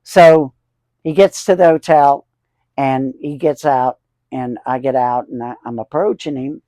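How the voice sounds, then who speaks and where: A man's voice: mid-range voice, steady tone, measured pace, warm tone, no echo. A man in his sixties telling rambling, chuckling anecdotes as the host of a casual collector vlog.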